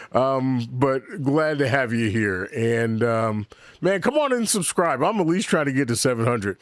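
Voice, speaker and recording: A man's voice: mid-range voice, expressive, unhurried, no echo. A middle-aged man hosting his own podcast in a casual livestream chat, rambling candidly, swearing freely and answering his live chat as he goes. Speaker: podcast host. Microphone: desk mic with camera.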